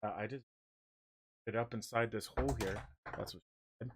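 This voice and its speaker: A man's voice: on the low side, steady tone, fairly quick, slight background noise. A young man hosting a livestream, chatting casually with viewers and rambling while he paints figures, a little out of breath. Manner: rambling, talks while working, greets chat by name.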